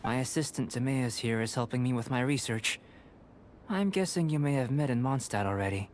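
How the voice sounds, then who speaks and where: A man's voice: medium pitch, slight background noise, natural voice. A man voicing a composed young alchemist. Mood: calm. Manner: measured, composed, lecturing. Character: calm young male alchemist scholar. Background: faint game music.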